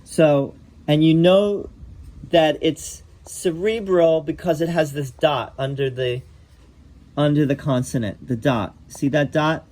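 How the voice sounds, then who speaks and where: Slow-paced man teaching pronunciation. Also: fairly high pitch, darkish tone. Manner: patient, self-correcting, demonstrates sounds aloud. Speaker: yoga teacher. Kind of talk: explaining pronunciation step by step.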